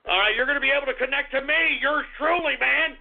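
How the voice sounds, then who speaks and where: A man hosting a radio show, ranting angrily, swearing and swinging between low grumbling and shouting. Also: quick pace, gravelly. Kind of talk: ranting call-in radio talk. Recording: tinny phone-like radio recording.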